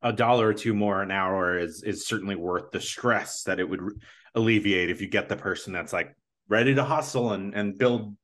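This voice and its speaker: A man with a fairly low voice hosts a podcast in an easygoing, chatty way. He rambles a little and often circles back to restart his sentences as he talks. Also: normal speed, fairly bright tone. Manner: rambling, self-correcting, chatty. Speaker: podcast host. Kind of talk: casual podcast chat and ad read.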